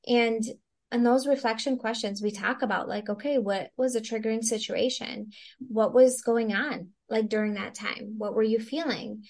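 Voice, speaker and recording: A woman's voice: fairly high pitch, steady tone, moderate pace, vocal fry, darkish tone. A woman who works as a Christian stress coach, talking casually as a podcast guest, full of "like" fillers and thinking aloud. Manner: chatty, many "like" fillers, reflective. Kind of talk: casual interview chat.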